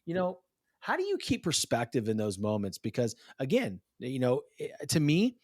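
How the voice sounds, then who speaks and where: A man's voice: mid-range voice, normal speed, dry recording, clean studio sound. A man in his thirties hosting a podcast, chatting casually and acting out quotes as he tells stories. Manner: animated storyteller, acts out quotes. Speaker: podcast host. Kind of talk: casual interview chat.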